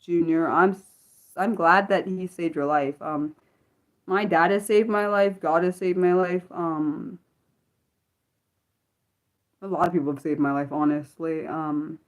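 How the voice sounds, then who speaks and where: A woman's voice: on the low side, fairly even intonation, measured pace, long pauses. A woman hosting a casual livestream from her phone, reading viewer comments aloud in a rambling, apologetic way with many fillers and restarts. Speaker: livestream host.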